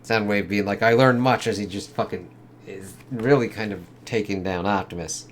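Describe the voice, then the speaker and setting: A man's voice: fairly low pitch, fairly even intonation, normal speed, slight background noise. A man giving a loose, casual spoken review of a comic book, swearing freely and leaning on fillers. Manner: loose and profane, lots of fillers.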